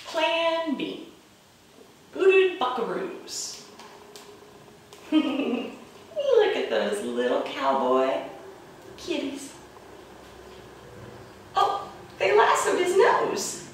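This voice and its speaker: A woman reading a picture book aloud to children in a playful, expressive way, with roars and chuckles, recorded in an echoey room from far off. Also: high-pitched, very slow, pauses often, slight background noise. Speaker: children's librarian.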